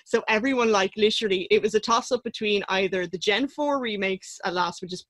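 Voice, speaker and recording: Woman, 30s, podcast co-host, lively storyteller, dry close mic. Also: a little fast, dry recording. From Ireland. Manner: animated storyteller, acts out quotes in a high squeal. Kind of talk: casual chat.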